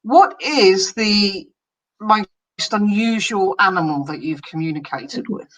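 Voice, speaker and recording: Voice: mid-range voice, lively intonation, slow pace, fairly bright tone, rough recording. An interviewer reading out listener questions and reacting with friendly encouragement. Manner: friendly, encouraging, laughs easily.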